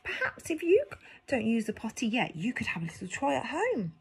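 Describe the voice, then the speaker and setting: A woman, a nursery teacher reading a picture book aloud to toddlers in an animated, sing-song way full of gasps. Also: a little high, brisk, few pauses, husky.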